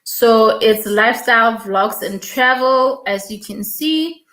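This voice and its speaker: Unhurried woman live-streaming. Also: on the high side, fairly bright tone, reverberant. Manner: chatty, repeats her thanks, reads viewer comments aloud. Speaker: YouTube live stream host. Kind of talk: casual live-stream chat.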